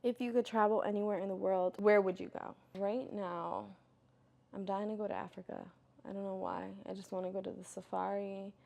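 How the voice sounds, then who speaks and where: A young woman chatting candidly as she answers viewer questions, filling her talk with "like" and "you know" and getting loud and lively when she tells a story. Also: medium pitch, fairly quick, creaky. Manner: gets loud and animated when telling stories. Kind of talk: casual Q&A chat.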